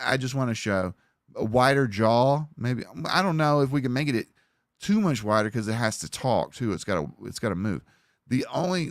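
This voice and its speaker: A man's voice: medium pitch, dry recording, studio quality. A man with an Alabama Southern accent, chatting casually on a live stream in a rambling, profane, offhand way.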